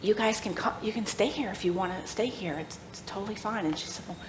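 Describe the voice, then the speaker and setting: A middle-aged woman telling a personal faith story at a church workshop, animated and laughing as she acts out the voices of people in the story. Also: mid-range voice, fast, noisy background. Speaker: workshop speaker. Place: church room. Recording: echoey room with faint ambience.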